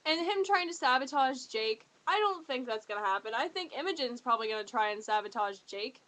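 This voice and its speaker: A woman talking in a casual fan review vlog, excitable and gushing, rambling from one thought to the next. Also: sits high, brisk, poor audio.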